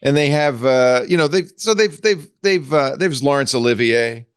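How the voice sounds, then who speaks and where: Lively older man hosting a tech chat. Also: medium pitch, moderate pace, smooth, dry recording, studio quality. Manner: animated, laughs often, thinks aloud. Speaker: host. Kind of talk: casual tech panel chat.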